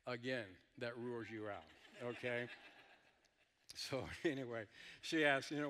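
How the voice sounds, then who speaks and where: A man's voice: mid-range voice, unhurried, long pauses, pushed and bright, in a large hall. A male pastor preaching a sermon, dropping joking asides to the congregation.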